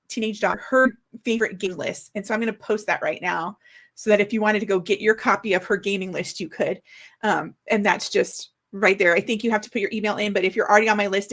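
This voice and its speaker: Excited and a bit flustered, a forties-aged author chats casually while hosting a livestream to launch her book. Her voice is medium in pitch.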